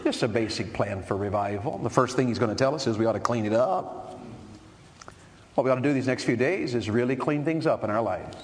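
A middle-aged man preaching a sermon in a folksy way and asking the congregation questions. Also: mid-range voice. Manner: folksy, asks the crowd questions. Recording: long hall reverb.

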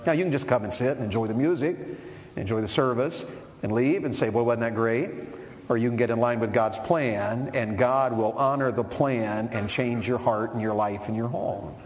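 A man's voice: mid-range voice, normal speed, a little mellow. A middle-aged man preaching a sermon in a folksy way and asking the congregation questions. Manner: folksy, asks the crowd questions. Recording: long hall reverb.

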